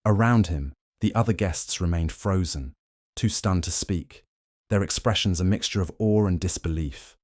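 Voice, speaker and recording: A man narrating a mystery audiobook in the first person, with steady, measured storytelling. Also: deep voice, no echo, studio quality.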